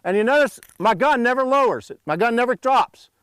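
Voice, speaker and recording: A man's voice: very high voice, animated, brisk, fairly bright tone, clear, resonant tone, no echo. A middle-aged man coaching young shooters at an outdoor range, joking with them and calling out drill commands.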